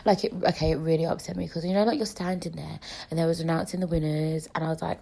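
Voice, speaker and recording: A woman's voice: on the low side, fairly even intonation, fairly quick, hardly any pauses, mellow. A young British woman hosting a solo podcast, talking frankly and chattily with plenty of swearing while she has a cold. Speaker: podcast host. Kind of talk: casual solo podcast chat.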